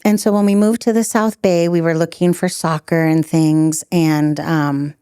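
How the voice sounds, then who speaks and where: A middle-aged woman telling stories as a podcast guest, animated, laughing often and acting out quotes. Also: low-pitched, normal speed, smooth, no room sound, clean studio sound. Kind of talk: storytelling in a podcast interview.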